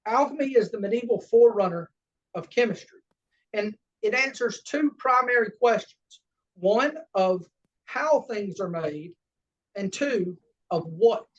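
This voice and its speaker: A man with a Southern American accent giving an unscripted lecture, halting often with fillers and self-corrections. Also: high-pitched, expressive, fairly bright tone. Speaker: lodge education lecturer. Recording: distant, dull lo-fi room recording.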